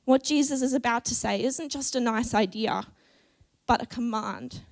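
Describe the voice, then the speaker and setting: A woman's voice: a little high, normal speed, creaky. Earnest woman preaching a sermon. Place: church.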